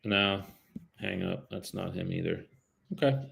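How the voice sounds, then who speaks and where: A man's voice: deep voice, a little slow, creaky, fairly bright tone, slight background noise. Young male real estate broker streaming his cold calls, slangy and casual with viewers, polite on the phone. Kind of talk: live-streamed cold calling.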